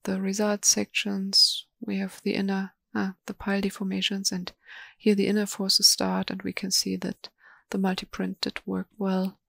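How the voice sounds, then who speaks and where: Female webinar presenter, halting and monotone, dry sound with mouse clicks. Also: medium pitch, vocal fry, no echo. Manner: slow, hesitant, many ums and restarts. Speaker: software presenter. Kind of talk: live software demo webinar.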